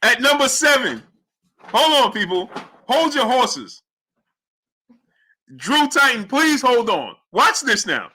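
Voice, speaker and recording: A man runs a live boxing show, calling out viewers by name in a high, bright voice. He talks in a hyped, animated way, with his pitch swinging widely up and down. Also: slow pace, long pauses, a little hiss or hum. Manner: animated, hypes the audience, shouts out chat names. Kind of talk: livestream commentary reading chat.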